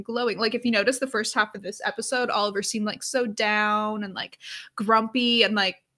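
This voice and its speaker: A woman hosting a live aftershow, chatting casually and reading viewer comments aloud, with lots of "like" fillers and quiet murmured asides. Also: on the high side. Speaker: aftershow host.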